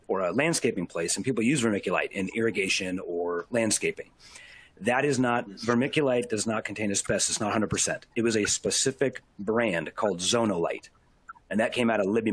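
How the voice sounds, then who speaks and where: A man's voice: lowish voice, husky, no echo. A man giving a casual safety presentation, explaining and warning the audience, checking in with "okay?".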